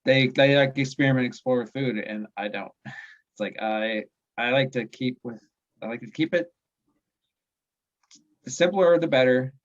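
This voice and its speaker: Man in his forties, casual halting chat, dull lo-fi audio. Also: mid-range voice. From USA. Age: 40s. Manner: halting, restarts a lot, chuckles at himself. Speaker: podcast guest.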